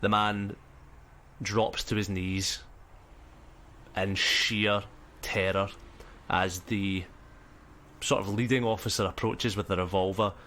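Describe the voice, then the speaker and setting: A man's voice: fairly low pitch, level tone, slow pace, pauses often, fairly bright tone, a little hiss or hum. A man with a Scottish accent running a tabletop game as game master, talking in a hesitant way full of ums. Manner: hesitant, lots of ums and sort-ofs. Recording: music bed behind voice.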